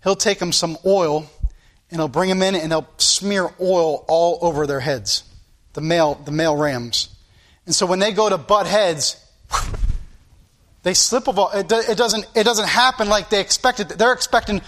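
Pastor, man, high voice, earnest sermon delivery with playful sound effects. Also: normal speed, fairly bright tone. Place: church.

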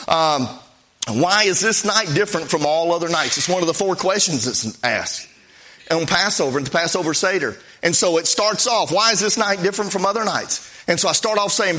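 Folksy, animated male preacher telling stories. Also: a little high. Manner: folksy, animated anecdotal preaching with acted-out dialogue. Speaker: preacher, missionary. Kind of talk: sermon storytelling.

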